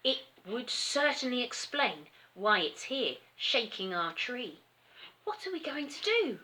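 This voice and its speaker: Storybook boy inventor, squeaky and eager, read by an English woman; slow, bright, lively delivery. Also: exaggerated voice. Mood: worried. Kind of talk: reading a storybook aloud.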